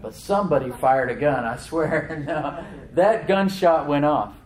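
A man's voice: on the high side, a little slow, low-quality recording. Folksy preacher man with a dynamic delivery. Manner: folksy storytelling, repeats key phrases for emphasis; swings from quiet asides to loud emphatic lines. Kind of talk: sermon with a personal story.

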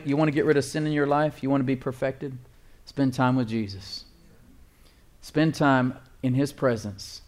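A male pastor preaching a sermon, emphatic, repeating phrases and reading scripture slowly. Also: mid-range voice, a little mellow.

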